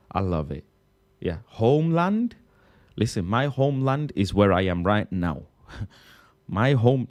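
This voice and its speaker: A young man from Bangladesh with a British accent, doing a slangy comic monologue with bursts of laughter. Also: lowish voice. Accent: British English. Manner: animated, slangy, keeps saying bro, bursts of laughter. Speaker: comedian.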